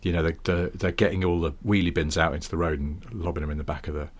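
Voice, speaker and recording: A man's voice: sits low, level tone, quick pace. A man co-hosting a casual podcast chat, telling a story in a wry way. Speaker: podcast co-host. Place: home.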